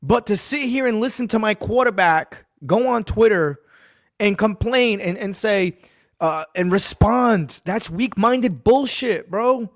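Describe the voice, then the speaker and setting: A sports podcast host from Massachusetts with a fairly high voice for a man, caught dry and close with no room sound. He talks bluntly and swears freely. He keeps circling back to drive each point home. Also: unhurried, dry recording. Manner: blunt, profane and emphatic, repeats his points. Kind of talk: ranting sports podcast talk.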